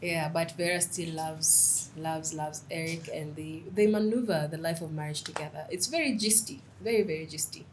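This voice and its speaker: A woman's voice: sits low, moderate pace, hardly any pauses, a little hiss or hum, low-quality recording. A young woman, a writer, chatting as a podcast guest, telling stories animatedly and slipping in Swahili phrases. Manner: lively, animated storytelling, mixes in Swahili phrases. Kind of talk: casual interview chat.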